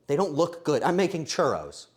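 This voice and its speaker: A man live-streaming himself baking, joking to his chat and swinging between quiet mutters and loud outbursts. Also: a little high, husky. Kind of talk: casual live-stream commentary while baking.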